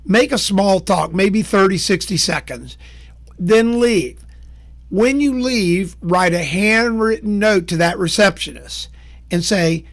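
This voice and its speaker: High-voiced folksy man teaching sales. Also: takes it slowly. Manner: folksy, plain-spoken, acts out short dialogues. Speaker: sales trainer. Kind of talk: instructional talk to camera.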